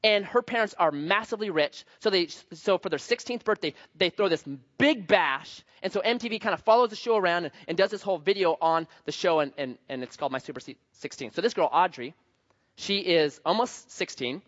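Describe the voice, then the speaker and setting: A male pastor preaching a sermon in an animated, joking, conversational manner. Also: high voice, brisk, dull audio.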